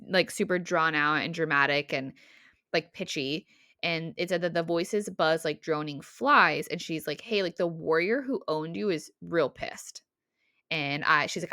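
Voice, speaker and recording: Woman retelling a book scene, low voice. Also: lively intonation, normal speed, bright, forceful tone, no room sound, clean studio sound. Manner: retells scenes animatedly, acting out lines. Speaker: podcast co-host. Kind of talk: casual book discussion.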